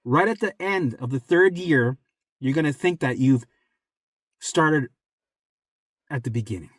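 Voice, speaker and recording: A man talking straight to viewers as a recovery coach, blunt and profane, repeating himself for emphasis and dropping to a soft low voice when reassuring. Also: measured pace, dry recording, clean studio sound. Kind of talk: direct motivational talk to viewers.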